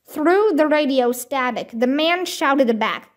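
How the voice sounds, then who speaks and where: High-voiced lady reading a kids book aloud, slow and careful. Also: animated. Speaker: storybook reader. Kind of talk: children's book read-aloud.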